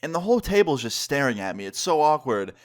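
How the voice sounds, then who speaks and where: A man at an ordinary middle pitch, recounting a personal story to camera in a casual vlog. He tells it with animated energy and swears freely along the way. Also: fast talker. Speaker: vlogger.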